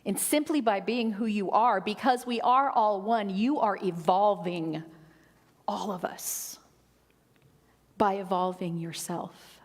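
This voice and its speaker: A middle-aged woman minister giving a sermon, expressive, rising for quotes and dropping to a near whisper. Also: medium pitch, slow. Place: church sanctuary. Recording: long hall reverb.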